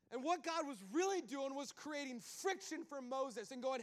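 A pastor preaching in a lively, conversational way, with storytelling and asides to the crowd. His voice sits very high for a man. The sound carries a long reverb from a large church hall. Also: moderate pace, few pauses. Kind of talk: sermon.

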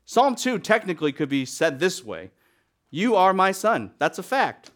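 A man preaching a sermon, swinging between loud emphatic bursts and hushed, near-whispered lines. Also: high-pitched, big pitch swings, measured pace.

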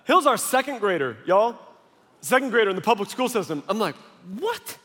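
A male pastor preaching a sermon, telling stories with lively acted quotes. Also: high-pitched, brisk. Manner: animated storytelling with acted quotes. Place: large church hall. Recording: long hall reverb.

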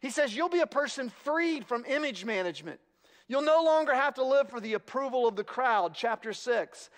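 A man preaching a sermon, telling stories with animated, wry humor. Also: extremely high pitch, normal speed, big-room sound. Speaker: pastor.

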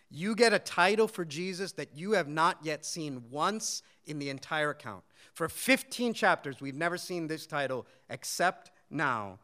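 A man's voice: a little high, sharp tone. A man preaching an expository sermon, telling the story earnestly and asking his listeners questions. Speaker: pastor.

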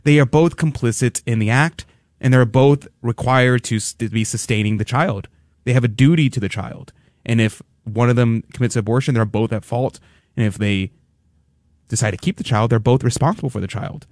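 A man's voice: mid-range voice, moderate pace, darkish tone, no echo. Male radio host, mid-range voice, emphatic and argumentative, dry studio mic. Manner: emphatic, with mocking put-on quotes. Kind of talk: talk radio discussion.

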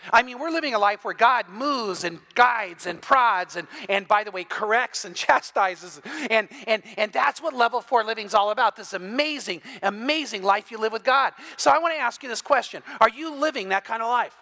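A middle-aged man preaching a sermon, his voice high and bright. He tells stories with lively energy and acts out the people he quotes. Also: normal speed, hardly any pauses. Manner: storytelling, animated, acting out quoted voices. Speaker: pastor.

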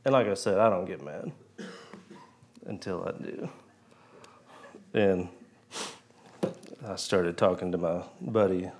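A man's voice: sits low, slow pace, long pauses, a little mellow. A man preaching, telling a personal story in a folksy way and acting out the dialogue.

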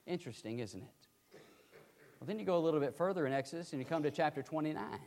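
An older man delivers a sermon in a high voice. He leans hard on key words and falls quiet for asides, with a long hall reverb behind him. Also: big pitch swings, a little fast. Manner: emphatic, rising to loud pleading then dropping to quiet asides. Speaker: preacher.

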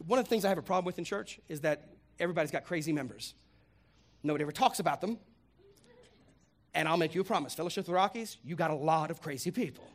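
A male pastor preaching a lively, humorous sermon, swinging between loud punchlines and hushed reflective lines. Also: a little high, fast. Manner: animated, humorous, acts out voices.

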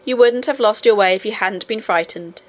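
A woman's voice: mid-range voice, moderate pace, lightly acted. A woman voicing a brave, cheerful twelve-year-old miner boy who speaks confidently and matter-of-factly in an audiobook. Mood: firm. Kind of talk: audiobook character reading.

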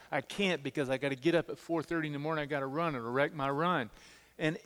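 A middle-aged male pastor preaching a sermon, telling personal stories in an animated way and repeating words as he stresses them. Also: a little high, brisk, clear, resonant tone, big-room sound. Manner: animated storytelling, repeats words when emphasizing.

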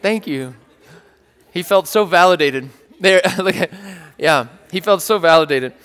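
A man with a high, bright-sitting voice preaches a sermon as an animated storyteller, joking and checking in with the congregation. His voice rings out through a church hall with a long reverb tail. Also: moderate pace, clean tone, some chatter behind. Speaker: pastor.

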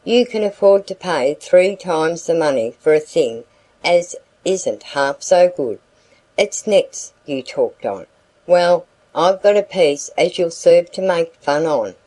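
A woman's voice: lowish voice, lively intonation, takes it slowly, mellow, rough recording. A woman voicing a talkative rural male packman who coaxes a customer in a broad country dialect. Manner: coaxing sales patter.

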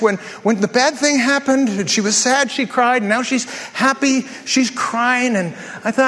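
High-voiced joking pastor preaching. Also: male voice, a bit bright, long reverb tail. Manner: jokey storytelling, quick asides and self-repeats. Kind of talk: sermon.

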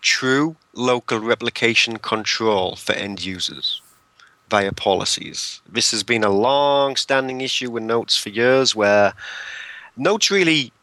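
A man's voice: medium pitch, slow, sharp tone, no room sound. A man, a guest on a podcast panel, chatting casually and joking as he talks. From England.

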